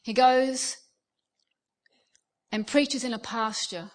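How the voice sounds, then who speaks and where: A middle-aged Australian woman with a high voice delivers a sermon. She tells stories with energy and slips into the voices of the people she describes. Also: takes it slowly. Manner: animated storytelling, acting out quoted voices. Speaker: preacher.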